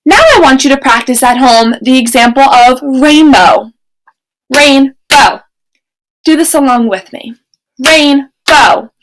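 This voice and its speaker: A young woman teaching a remote kindergarten lesson, speaking slowly and clearly in an encouraging teacher voice. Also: high voice, a little hiss or hum, low-quality recording.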